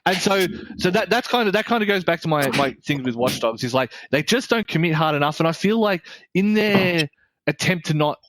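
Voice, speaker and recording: A man's voice: a little high, lively intonation, a little fast, fairly bright tone, no echo. An Australian man co-hosting a game podcast, talking bluntly and rambling with swearing and restarts. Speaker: podcast co-host. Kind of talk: casual chat.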